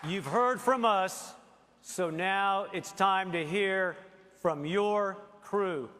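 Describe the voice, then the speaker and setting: A man, an emcee, announcing the next speaker from the stage in a drawn-out, rallying delivery. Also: high voice. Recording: hall reverb with crowd and noise.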